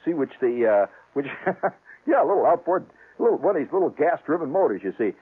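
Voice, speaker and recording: A man telling a rambling, humorous fishing story on the radio, jumping up and down in pitch as he gets worked up. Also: fairly quick, slightly rough. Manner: rambling, animated, restarts, chuckles. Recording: tinny, phone-like old radio sound.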